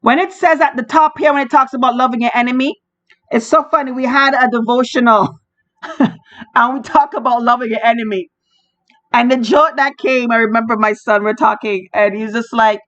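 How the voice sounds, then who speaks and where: A woman's voice: on the high side, steady tone, moderate pace, fairly bright tone. A woman hosting a podcast, delivering religious commentary in an emphatic, preachy way and repeating phrases for stress. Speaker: podcast host. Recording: dull lo-fi sound.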